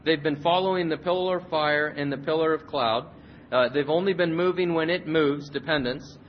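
A man preaching a sermon and leading a prayer, earnest, repeating and restarting phrases. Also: moderate pace. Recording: slightly muffled recording with faint rumble.

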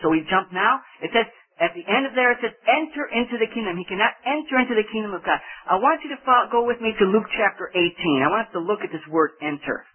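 High-pitched man preaching over a tinny line. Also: animated, breathy edge. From Spain. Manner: slow, emphatic delivery with dramatic pauses and rhetorical questions. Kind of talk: sermon, Bible teaching. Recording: tinny phone-line sound.

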